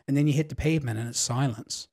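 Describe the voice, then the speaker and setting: A man's voice: medium pitch, fast talker, breathy edge. A man in his twenties from Labrador with a Newfoundland and Labrador accent, co-hosting a podcast and telling a story with laughs and plenty of swearing. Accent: Newfoundland and Labrador English. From Labrador, Canada. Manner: animated, laughing, swearing yarn-teller. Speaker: podcast co-host. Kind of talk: casual storytelling chat.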